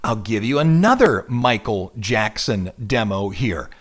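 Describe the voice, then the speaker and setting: A middle-aged man hosting a radio show in casual chat, explaining music with animated asides. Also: lowish voice, unhurried. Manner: animated, hums and imitates instrument sounds while explaining.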